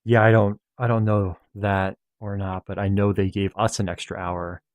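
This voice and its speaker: A man's voice: on the low side, little pitch movement, moderate pace, no echo, phone-quality sound. A man in a casual podcast chat, speaking thoughtfully and hesitantly, often restarting his sentences.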